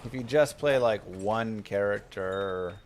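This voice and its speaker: A man in his thirties casually commenting on his game for viewers, guiding them step by step in a relaxed way. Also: fairly low pitch, a little slow, a little hiss or hum. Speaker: game streamer. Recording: game music playing behind. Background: game music.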